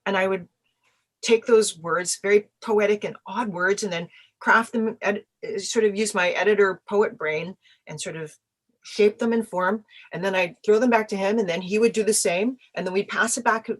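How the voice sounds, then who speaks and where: A middle-aged woman from Canada talks through her memories in a relaxed interview. She tells stories with energy, slipping into little acted-out voices for the people she quotes. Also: medium pitch, moderate pace. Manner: animated storyteller, acts out quoted voices. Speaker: musician guest. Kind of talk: casual interview answers.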